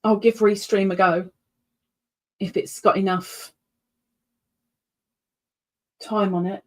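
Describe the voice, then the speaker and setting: A woman's voice: mid-range voice, little pitch movement, slow pace, long pauses. Chatty woman hosting a live stream. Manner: rambling, chatty, with many ums. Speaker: livestream host. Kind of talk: casual chat with live viewers.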